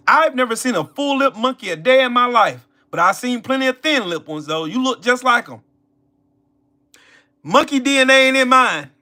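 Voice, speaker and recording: A man hosting a live stream, loudly taunting his viewers, mocking them in put-on voices and repeating himself. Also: high voice. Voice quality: loud, confrontational, mocking. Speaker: livestream host. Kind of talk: live-stream political rant.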